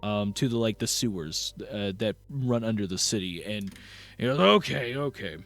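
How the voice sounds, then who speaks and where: A man's voice: lowish voice, normal speed, faint music behind. A young man narrating as game master of a tabletop game, rambling with lots of fillers and restarts.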